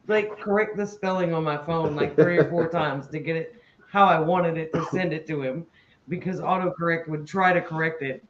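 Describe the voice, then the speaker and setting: A woman's voice: low voice, fairly even intonation, moderate pace, roomy sound, lo-fi sound. A woman co-hosting a casual livestream chat, playful and teasing, laughing a lot.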